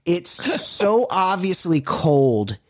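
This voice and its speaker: A man co-hosting a podcast in casual chat, ranting in an animated way and swearing often. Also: sits high, extremely slow, dry recording, studio quality. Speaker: podcast co-host.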